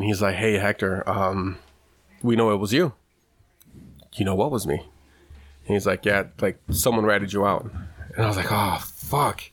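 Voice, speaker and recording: A young man casually telling a story in a podcast chat, animated and swearing often, acting out what people said. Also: lowish voice. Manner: animated, swears a lot, acts out quotes.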